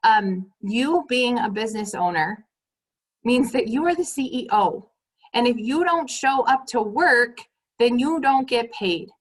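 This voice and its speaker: A woman's voice: a little high, animated, measured pace, rough recording. A woman leading her sales team on a motivational call. She talks emphatically, repeats her points and keeps turning to the listeners as "you guys".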